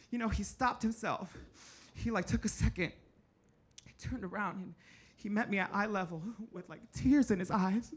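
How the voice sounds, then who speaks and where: A man in his thirties performing stand-up as a drag queen, brassy and loud, bursting into shouts. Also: high voice, moderate pace. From Latino family in the United States. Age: 30s. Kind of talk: stand-up comedy. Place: comedy club stage. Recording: live club with audible crowd.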